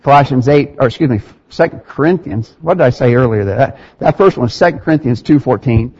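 A man's voice: medium pitch, brisk, darkish tone, breathy edge, lo-fi sound. A man preaching a sermon in an earnest, emphatic way, reading scripture aloud and explaining it. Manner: earnest, emphatic, quotes scripture in King James wording.

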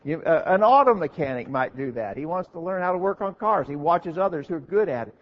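A man preaches a sermon in an earnest, teaching manner, posing questions and answering them himself. His voice is husky and a little high for a man. The recording sounds dull and lo-fi. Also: expressive, fairly quick.

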